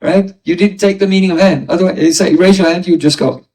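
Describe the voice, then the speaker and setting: A man's voice: high-pitched, fairly even intonation, quick pace, darkish tone. Man lecturing from a distance. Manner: explains with everyday examples, asks listeners "right?". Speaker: spiritual teacher. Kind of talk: devotional class lecture.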